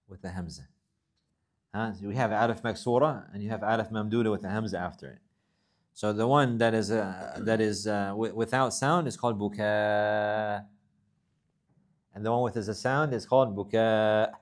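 A man teaching a religious lesson, reading Arabic text quickly and then explaining it slowly in English, often repeating himself. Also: on the low side.

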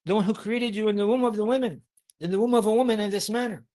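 A man with a high voice preaches to young listeners. He keeps asking them questions. He recites Arabic verses and explains each one in plain words. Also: quick pace, warm tone. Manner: asks the audience many questions. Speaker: Islamic preacher.

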